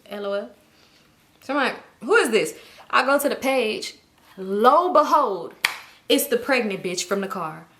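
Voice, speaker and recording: A woman telling a personal story to her viewers in a casual vlog, blunt and profane, with a dramatic, animated delivery. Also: on the high side, slight background noise. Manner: blunt, profane, emphatic retelling. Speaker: storytime YouTuber.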